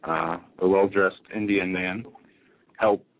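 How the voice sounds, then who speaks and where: A man with a low voice co-hosts a talk radio show, laying out his points assertively and stringing examples together. His voice comes through a narrow, phone-like channel. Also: fairly even intonation, takes it slowly, dry recording. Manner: assertive, declarative, runs through lists. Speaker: radio co-host. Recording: tinny phone-line sound.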